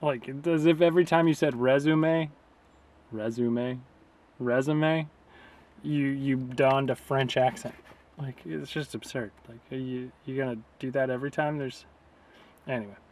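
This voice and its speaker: A man's voice: medium pitch, steady tone, moderate pace, a little mellow. A man vlogging outdoors beside a river, talking casually in a sarcastic, rambling way. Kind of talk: casual vlog rant.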